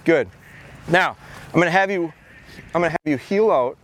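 A man's voice: fairly high pitch, expressive, moderate pace, a bit bright, slight background noise. A man in his thirties teaching a dog training class outdoors on a mowed field, coaching handlers and often repeating his words as he gives instructions.

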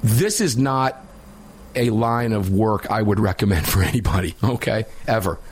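A man's voice: lowish voice, lively intonation, moderate pace, slightly rough. A man hosting a talk radio show, opinionated and sarcastic, chatting casually with a co-host. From United States. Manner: opinionated, sarcastic, laughs while mocking.

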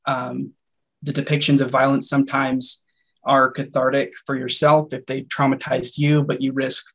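A man's voice: mid-range voice, completely flat delivery, normal speed, fairly bright tone. A young man, a poet and student, speaking earnestly in a webinar panel conversation over a video call.

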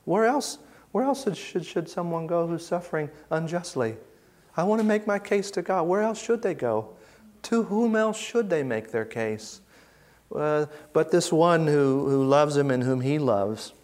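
A man giving an informal Bible teaching, conversational and reflective, with pauses and restarts as he reads verses aloud. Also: on the high side, animated, a little mellow. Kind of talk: informal teaching talk with scripture readings.

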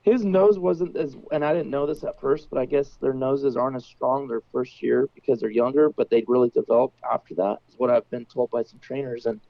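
A man's voice: mid-range voice, a little fast, gravelly, hardly any pauses, no room sound. A man chatting casually about training his dogs. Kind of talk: casual chat. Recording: dull, muffled sound.

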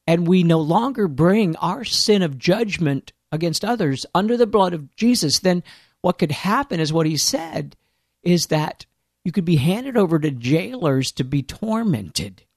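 A man's voice: sits high, big pitch swings, a little slow, gravelly, darkish tone, dry recording, clean studio sound. A man preaching a sermon in an earnest, emphatic way, with conversational asides to his listeners.

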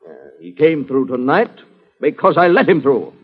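An actor playing a haughty, gloating English army colonel in an old-time radio musical, with a commanding, mocking delivery. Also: male voice, on the high side, sing-song, normal speed, breathy edge, narrow, tinny audio.

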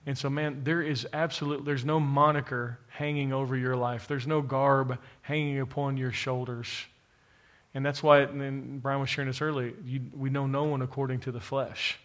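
His voice is medium in pitch, level and a bit bright, moving at a normal speed as he preaches. Before a live church congregation, with others joining online, he addresses his listeners directly and repeats points with emphasis.

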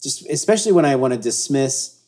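Male guest, reflective, rambling, halting speech, animated asides. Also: medium pitch. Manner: rambling, many restarts and fillers, animated asides. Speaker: guest, artist and speaker. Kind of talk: reflective interview conversation.

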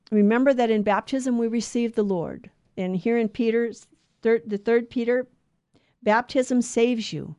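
A woman's voice: medium pitch, warm tone, no echo, clean studio sound. A middle-aged woman co-hosting a Catholic radio Bible study, talking in an earnest, conversational way with frequent restarts.

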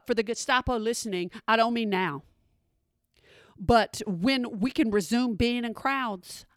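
A woman's voice: on the high side, a bit bright, no echo. A woman doing stand-up comedy, sassy, with dry asides. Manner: sassy, dry asides, drops into mimicked voices.

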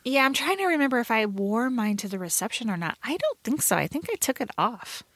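A woman co-hosting a podcast in casual chat, talking fast and loose with lots of fillers and playful quoted asides. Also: fairly high pitch, sing-song, a bit bright, no room sound, clean studio sound. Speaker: podcast co-host.

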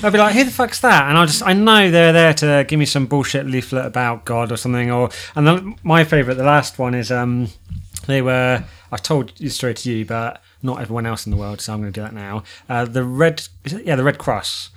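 A man's voice: mid-range voice, fairly quick, fairly bright tone. A man hosting a podcast, telling a rambling story in a sweary, casual way and laughing easily. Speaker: podcast host and editor.

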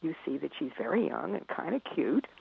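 Speaking briskly in a low, husky, creaky voice that is very expressive, a middle-aged author and parenting expert shares stories in conversation, acting out scenes and frequently laughing. The recording is dry and tinny, like a phone line.

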